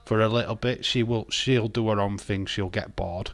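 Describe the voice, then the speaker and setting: A man's voice: on the low side, fairly even intonation, normal speed, dry recording. A man chatting casually on a wrestling watch-along stream, rambling and blunt, with frequent laughs. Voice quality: rambling, blunt, repeats words, laughs often. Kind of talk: casual live-stream chat.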